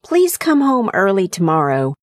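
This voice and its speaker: A woman's voice: huge pitch swings, normal speed, no room sound, studio quality. A woman voicing a small five-year-old boy who pleads with his father. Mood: earnest. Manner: high, eager, pleading.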